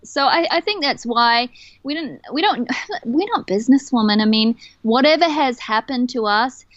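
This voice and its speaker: A woman who co-founded a company, a podcast guest speaking in an animated, candid way. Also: on the high side, normal speed, no room sound, lo-fi sound. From Australia.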